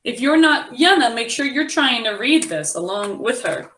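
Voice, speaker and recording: A young adult woman teaching a reading lesson to a class, encouraging and expressive as she reads aloud. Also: on the high side, normal speed.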